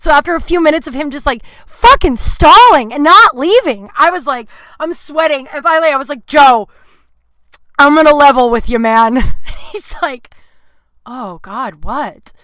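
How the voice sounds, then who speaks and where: A woman's voice: high-pitched, lively intonation, moderate pace, a bit bright, no room sound. A young adult woman, a comedian, hosting her podcast and telling a candid, profane story in casual talk full of fillers.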